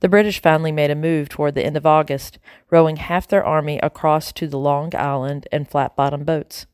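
A woman narrating an audiobook in a slow, measured, grave first-person voice. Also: low voice, steady tone, darkish tone, smooth, no room sound, clean studio sound.

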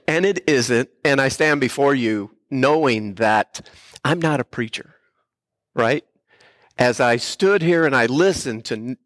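An older man, a grandfather, giving a heartfelt sermon in a church as a guest speaker who pastors missionaries. He speaks earnestly and clears his throat often. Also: mid-range voice, a bit bright, dry recording, studio quality.

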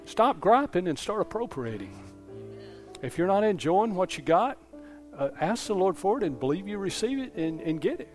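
Soft music underlies this pastor's sermon, delivered at normal speed in a high, sing-song voice with a darkish tone. He tells stories in a folksy manner, frequently turning to the congregation with "Amen?"

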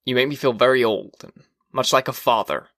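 A man voicing an uneasy, brooding fireman in an audiobook reading, hesitant and quiet. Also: medium pitch, fairly quick, no echo, studio quality, close to an everyday voice. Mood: wistful.

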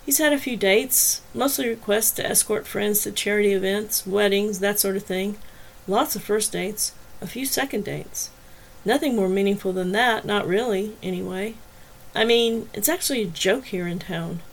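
A woman voicing a young woman who speaks softly and earnestly about her father in an audiobook. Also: medium pitch, normal speed, slight background noise, natural voice, poor audio. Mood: confiding. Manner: soft, earnest and confiding. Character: young woman, protective grown daughter.

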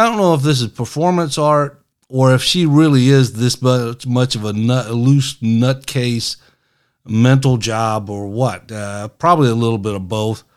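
A middle-aged man hosting a casual political commentary, talking in a sarcastic, mocking, folksy way. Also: medium pitch.

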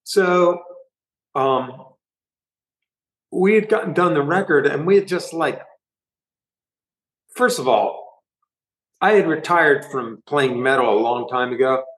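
A middle-aged man, a band musician, telling a story in a rambling, profane, animated way during a casual interview. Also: on the high side, takes it slowly, pauses often, low-quality recording.

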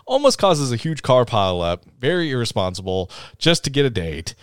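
A man's voice: medium pitch, very animated, moderate pace, clear, resonant tone, dry recording. Guy on a movie podcast, goofy rambly recap, voice bouncing up and down, dry close sound. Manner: joking, rambling scene recaps. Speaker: podcast co-host. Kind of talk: casual movie review chat.

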